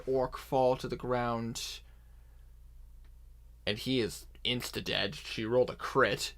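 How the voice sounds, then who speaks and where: A man's voice: mid-range voice, fairly even intonation, gravelly, fairly bright tone. A man narrating as dungeon master in an online tabletop game, taking his time and often restarting his sentences. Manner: unhurried narration with many restarts and asides.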